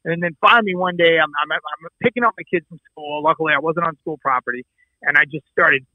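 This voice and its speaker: Fast-talking, high-voiced man on a call. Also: dry recording. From Midwest US. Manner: animated, swearing, acts out dialogue. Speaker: actor and producer guest. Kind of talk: casual interview storytelling. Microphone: remote call. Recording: dull lo-fi call audio.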